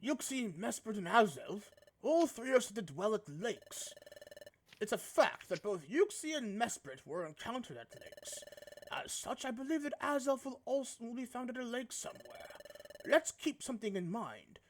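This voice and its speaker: Woman doing a low british ghost guy from a game, slow and grave, very formal. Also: very animated. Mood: solemn. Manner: slow, solemn explaining. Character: deep-voiced male ghost creature, grave and formal.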